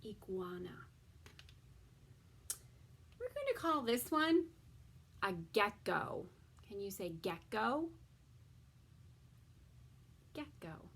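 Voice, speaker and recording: A woman teaching a toddler circle-time lesson, drawing out words slowly and often dropping into a soft whisper. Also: fairly high pitch, very animated, slightly rough. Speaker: preschool teacher.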